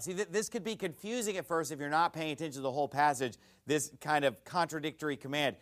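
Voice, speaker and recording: A man preaching an expository sermon, animated and folksy, often checking in with his listeners. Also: fairly high pitch, fast, few pauses.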